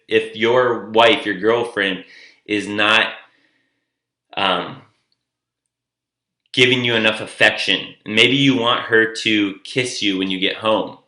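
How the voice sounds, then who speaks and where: A man talks through relationship advice in a relaxed, chatty way, often acting out the lines he quotes. His voice sits a little low but has a bright edge. The room around him is echoey. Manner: loose and conversational, acts out quoted lines. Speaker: dating advice coach. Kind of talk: casual advice monologue.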